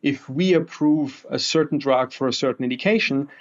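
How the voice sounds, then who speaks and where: A man, a guest investor, talking with energetic optimism and slightly non-native phrasing, heard over a video call. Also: mid-range voice, normal speed. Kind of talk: enthusiastic interview talk. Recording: dull lo-fi remote audio.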